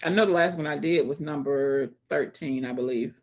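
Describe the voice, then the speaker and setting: A woman's voice: sits low, normal speed. A woman hosting a casual livestream, greeting viewers by name and chatting as she reads the comments. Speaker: livestream host.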